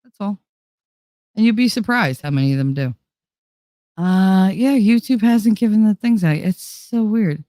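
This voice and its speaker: A woman's voice: medium pitch, lively intonation, a little slow, long pauses, mellow, no echo, clean studio sound. A woman hosting a casual livestream, blunt and profane, reading chat aloud while tired and running on fumes. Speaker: livestream host.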